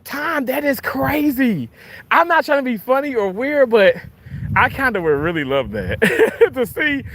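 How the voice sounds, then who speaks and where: Here a man in his thirties from Mississippi, USA, hosts a livestream in a very high, sing-song voice with a fairly bright tone and normal speed. Speaking with a Southern accent, he keeps it casual, reads comments out, and laughs often.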